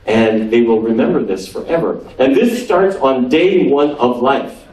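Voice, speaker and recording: Speaking from afar in a roomy hall, a man with a mid-range, darkish voice talks in an animated way, a little slowly. He's a North Dakota physician giving a humorous nutrition lecture on a cruise ship, quizzing the audience with questions.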